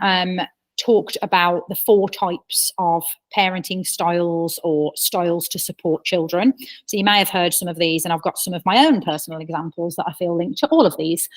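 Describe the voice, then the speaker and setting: A woman in her thirties leads a parenting workshop online. Her voice sits low, and she explains theory in a chatty way, mixing in personal anecdotes. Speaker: childcare trainer. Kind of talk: webinar presentation.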